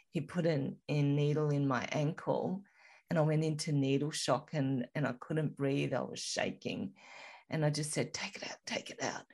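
A woman with a low, unhurried voice tells a personal story as an interview guest. She speaks softly and reflectively, letting her sentences trail and pause. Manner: slow, reflective, soft-spoken storytelling.

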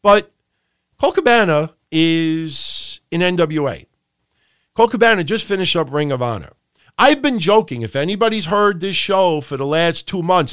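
A man's voice: fairly high pitch, fairly bright tone, clear, resonant tone, no room sound, clean studio sound. A man hosting a wrestling podcast, ranting profanely and animatedly, with mocking impressions of other people. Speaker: podcast host.

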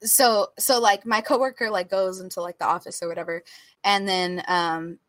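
A young woman co-hosts a podcast remotely from home, rambling through a work anecdote full of filler words. She talks at normal speed in a medium-pitched, slightly bright voice with fairly even intonation and no room sound.

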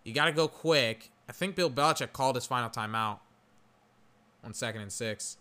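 Young male podcast host, bright tone, loose play-by-play with fillers and frustrated outbursts. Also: mid-range voice, normal speed. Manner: gets loud and frustrated at plays, rambling with fillers. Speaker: podcast host doing game commentary. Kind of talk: casual live football commentary.

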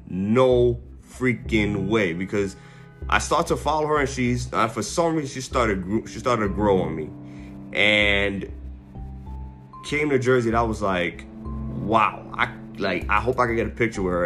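Rambling low-voiced man recapping matches. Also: a bit bright. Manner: rambling, self-correcting, laughs at himself. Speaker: wrestling fan reviewer. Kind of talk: casual recap monologue. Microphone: headphones with mic.

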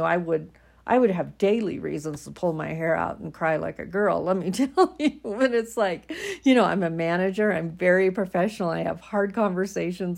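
A woman's voice: fairly low pitch, creaky, a little mellow. A middle-aged woman talking candidly to her viewers in a folksy, emphatic way, laughing often as she tells personal stories. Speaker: vlogger.

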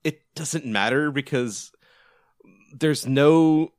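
A man's voice: on the high side, takes it slowly, no room sound, clean studio sound. Rambling man reviewing a movie. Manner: rambling, frequent restarts and fillers, swearing. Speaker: podcast co-host. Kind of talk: casual movie review chat.

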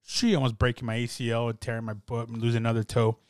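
A young man talking in a rambling, excitable way with many fillers and restarts, as in casual chat. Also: medium pitch, quick pace, smooth, dry recording, clean studio sound. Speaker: soccer fan podcaster.

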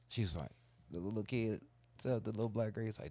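Low-voiced man telling a profane story. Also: quick pace, vocal fry, no echo. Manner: animated, profane, acts out kids' voices. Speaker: podcast co-host telling a story. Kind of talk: casual storytelling chat.

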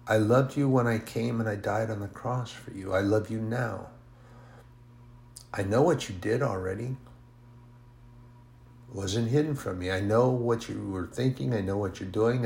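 A man voicing a loving, fatherly divine figure, speaking softly and reassuringly. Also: on the low side, creaky. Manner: soft, tender, reassuring. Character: gentle loving male divine voice, fatherly, patient.

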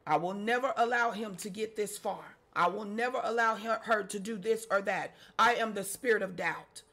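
A preacher voicing a defiant evil spirit of doubt in a sermon, speaking in slow, spiteful refusals. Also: medium pitch, sharp tone.

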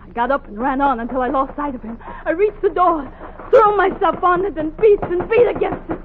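A woman playing a defiant young runaway, high and tinny. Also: fairly quick, slight background noise, lightly acted. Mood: breathless. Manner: earnest, defiant. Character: young enslaved woman fleeing north, determined. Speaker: narrator and lead. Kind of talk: 1950s radio drama acting. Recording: tinny old radio recording.

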